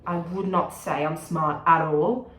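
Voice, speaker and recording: A woman's voice: low-pitched, fairly even intonation, fairly bright tone. A young woman with an Australian accent, chatting frankly and rambling to camera in a vlog. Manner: rambling, frank and sweary, shifts into quick put-on voices. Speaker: vlogger. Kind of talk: casual chat to camera. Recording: echoey room with faint background noise.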